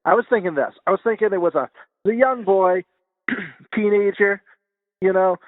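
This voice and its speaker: High-voiced man, tinny audio. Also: normal speed, no echo. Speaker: podcast co-host. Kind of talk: crude casual banter. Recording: tinny phone-like sound.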